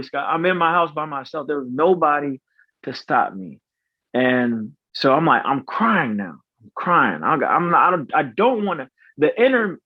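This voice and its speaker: A man in his thirties speaks as a podcast guest, halting and earnest, circling back and restarting as he tells his story. His voice sits in the middle range. The recording is dry and slightly dull, with no room sound. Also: medium pitch, dry recording. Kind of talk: personal storytelling in interview.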